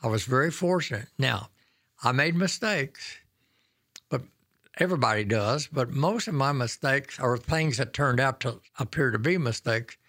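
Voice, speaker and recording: A man in his nineties from Oklahoma spins folksy, self-deprecating stories from his years in office. His voice sits at an ordinary middle pitch, and the sound is dry and close with no room around it. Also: lively intonation, moderate pace, fairly bright tone, dry recording. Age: 90s. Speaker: former governor, guest. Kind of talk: storytelling reminiscence.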